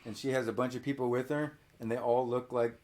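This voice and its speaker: A man hosting a podcast, casually retelling a film's story to a child and prompting with quick questions. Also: mid-range voice, fairly even intonation, a little mellow. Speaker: podcast host. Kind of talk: casual movie recap chat with a child.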